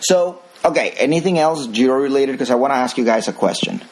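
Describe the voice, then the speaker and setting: A man with a husky, breathy voice and mid-range pitch hosts a casual podcast chat. He rambles with frequent restarts and voices strong opinions. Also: quick pace, rough recording. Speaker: podcast host.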